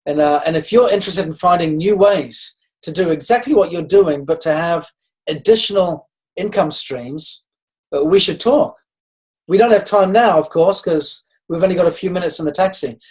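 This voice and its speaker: A man speaks on a leadership call, encouraging his team. He tells stories in a steady, conversational way and often stops to restart his sentences. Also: on the high side, moderate pace. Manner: storytelling, encouraging, with frequent restarts. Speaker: network marketing leader. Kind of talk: motivational talk on a group call.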